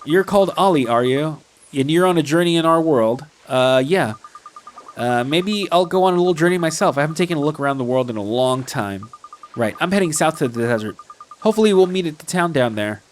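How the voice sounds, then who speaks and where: A man's voice: a little high, expressive, fairly quick, a little hiss or hum, natural voice. A man voicing a friendly old male ghost sage in a video game, speaking chatty and kind. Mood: cheerful.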